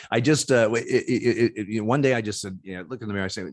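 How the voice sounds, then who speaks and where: Deep-voiced man in his sixties, halting. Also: no room sound, clean studio sound. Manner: halting, stacks repeated words and restarts. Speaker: guest, former umpire. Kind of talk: candid interview conversation.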